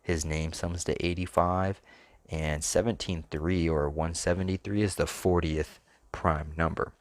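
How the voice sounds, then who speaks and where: With a low, steady voice and an unhurried pace, this man runs a sports picks channel, and the recording has no echo. His solo commentary is casual and hesitant, drifting off mid-thought as he reasons out loud.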